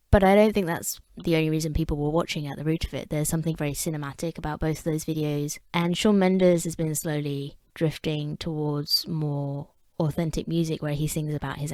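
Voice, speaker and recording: English woman, low register, podcast host, wry self-deprecating delivery, dry close recording. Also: darkish tone, dry recording. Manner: wry, self-mocking asides. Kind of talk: casual podcast monologue.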